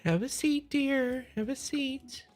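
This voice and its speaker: Over soft background music, a woman voices a sweetly menacing old hag who presses tea on her guests and calls everyone dearie. The delivery is cloying, with drawn-out words, in a high-pitched, darkish voice raised above her natural one.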